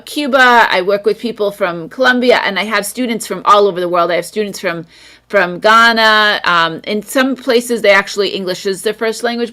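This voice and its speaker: An American woman hosting a casual video call, talking in a chatty way with lots of fillers. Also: mid-range voice. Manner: chatty, warm encouragement, frequent fillers. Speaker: English teacher and host.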